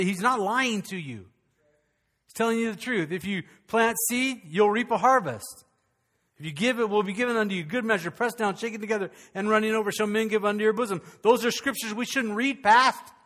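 A man preaching a sermon as pastor, animated and calling out questions to his congregation. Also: high voice, big-room sound.

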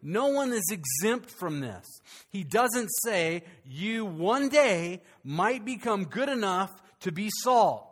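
A pastor preaching with a high, light voice. He talks in an animated, conversational way, often stopping and restarting his sentences with fillers. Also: takes it slowly, breathy edge. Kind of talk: sermon.

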